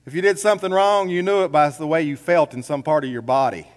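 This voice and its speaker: A man's voice: fairly high pitch, quick pace, in a large hall. A man preaching a sermon as a pastor in a church, folksy and conversational with rhetorical questions. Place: church sanctuary.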